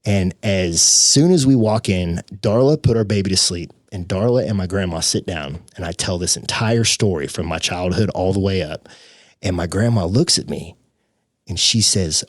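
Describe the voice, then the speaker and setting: A young man, a podcast guest, telling his personal story with emotion, animated and acting out the voices of the people in it. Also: sits low, normal speed, dry recording, studio quality. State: tearful.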